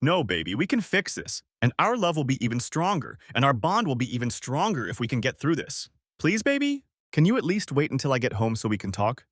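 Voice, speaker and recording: A man's voice: medium pitch, huge pitch swings, brisk, fairly bright tone, no room sound, clean studio sound, voice pushed up. A man voicing a desperate, unfaithful wife who pleads tearfully with her husband in a storybook reading.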